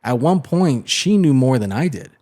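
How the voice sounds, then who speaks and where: A man's voice: medium pitch, very animated, mellow. Chatty agreeable man on a podcast. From Puerto Rican heritage. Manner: chatty, agreeable, quick to chime in. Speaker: podcast co-host. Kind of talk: casual chat.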